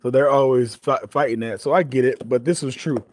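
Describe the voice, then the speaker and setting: A man in his forties, a guest on a podcast, telling stories in an animated way with many restarts and fillers. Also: medium pitch, brisk, no room sound. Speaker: guest, former pro football player turned entrepreneur. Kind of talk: storytelling podcast interview.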